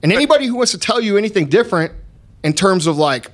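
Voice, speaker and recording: A man hosting a motivational podcast who talks bluntly and swears freely. His voice sits a little high for a man. He hammers each point home with force. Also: expressive, fast, a bit bright. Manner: blunt, profane, emphatic. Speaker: podcast host.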